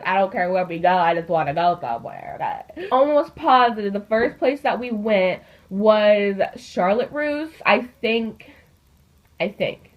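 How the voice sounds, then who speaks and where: Chatty teen girl vlogger, lo-fi. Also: medium pitch. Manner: chatty, filler-heavy, animated. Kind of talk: casual storytime. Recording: dull lo-fi recording.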